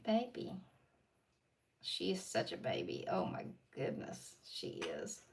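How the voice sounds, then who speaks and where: A woman with a strong Appalachian drawl and a gravelly, rumbling low voice does nail art at her home desk while chatting with livestream viewers. Her pitch swoops wildly, she speaks slowly, and she's chatty with laughing asides. The mic is some distance away, with a faint hiss underneath.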